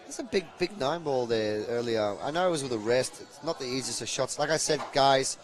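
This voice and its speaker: A man commentates a live pool match. He rambles and jokes, padding his talk with ums and uhs. His voice sits at an ordinary middle pitch. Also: animated, brisk. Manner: chatty, rambling, jokey, with fillers.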